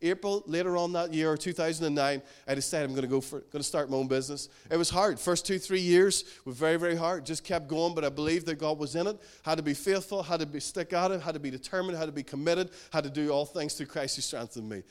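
A man's voice: a little high, fast, hardly any pauses. Man preaching, earnest and emphatic, slightly raised voice, repeats for weight. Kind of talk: sermon.

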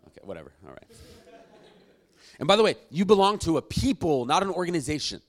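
Animated man preaching a sermon. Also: fairly high pitch, fast talker. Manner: animated, swinging between loud emphatic lines and quiet asides. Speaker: pastor.

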